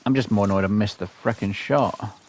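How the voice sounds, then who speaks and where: A man's voice: lowish voice, fairly quick, a little hiss or hum. A man commentating his hunting game, muttering to himself and getting frustrated. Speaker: gaming youtuber.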